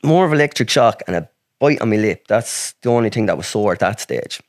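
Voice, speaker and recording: Here a man from Ireland, his voice on the low side, spins a long, rambling personal tale as a podcast guest, speaking fairly quickly and animatedly. He swears freely and keeps restarting his sentences, and the studio audio is clean with no echo.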